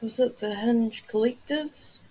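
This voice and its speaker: A woman's voice: a little high, unhurried, dark tone, breathy edge, poor audio. A woman with a New Zealand accent, hosting a casual livestream chat with viewers, blunt and swearing freely. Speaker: livestream host.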